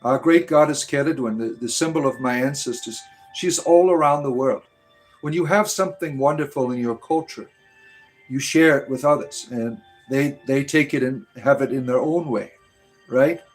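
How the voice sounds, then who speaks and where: A man's voice: mid-range voice, moderate pace, soft background music. A man from the United States hosting a casual livestream, reading chat aloud and rambling with frequent "right?" tags.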